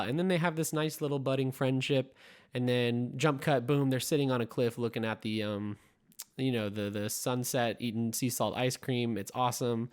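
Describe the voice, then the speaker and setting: A man's voice: medium pitch, normal speed, clear, resonant tone. Casual male podcast co-host. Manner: animated retelling with quoted voices.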